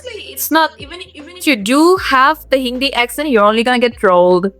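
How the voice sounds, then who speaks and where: A woman's voice: high voice, fast talker, a bit bright. A young woman from Assam, India, with an Assamese accent, an esports caster talking earnestly in a casual podcast chat. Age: young adult.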